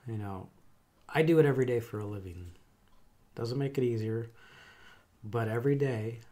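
A middle-aged man who works as a chaplain, talking in a thoughtful, halting way with many pauses and fillers. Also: mid-range voice, dark tone. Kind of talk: casual conversation.

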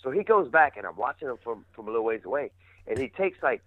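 A man's voice: mid-range voice, quick pace, no echo, narrow, tinny audio. A man telling wild stories as a podcast guest, casually, with lots of swearing. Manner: animated, swearing, acts out other voices. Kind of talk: casual storytelling.

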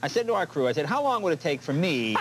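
A man's voice: on the high side, sing-song, fast, fairly bright tone. A man hosting a talk show interview, chatty and laughing along with his guest. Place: television studio before an audience. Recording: hissy old VHS broadcast tape.

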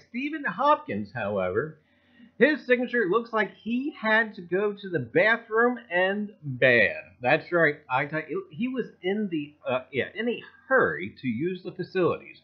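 A high-pitched man hosts a livestream in casual, joking chat, greeting viewers by name and falling back on the same stock phrases. His voice is husky and swings widely between high and low. The audio is dull and lo-fi. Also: sing-song, unhurried. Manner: jokey, greets viewers one by one, repeats catchphrases. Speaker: livestream host.

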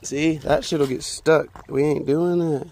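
A man vlogging outdoors at a beach spot while walking his dog, calling to it in high, loud bursts and dropping to low asides. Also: fairly even intonation, slow pace. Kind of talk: casual vlog chatter.

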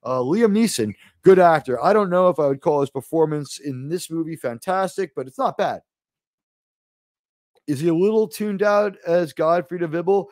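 A middle-aged New man hosts a livestream in a casual, rambling way, cursing freely and tossing wry asides to his chat. His voice sits a little high for a man. It is recorded close and dry, with no room sound. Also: moderate pace, darkish tone, dry recording. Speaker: livestream host.

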